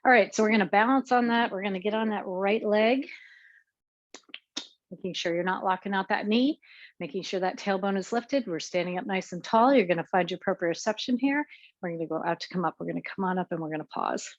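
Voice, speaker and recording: A woman's voice: medium pitch, fairly quick, no echo, muffled recording. A woman leading an exercise class, talking students through each move and counting reps, a little out of breath as she works along. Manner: cueing moves while exercising, counting reps. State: slightly out of breath. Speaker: fitness instructor.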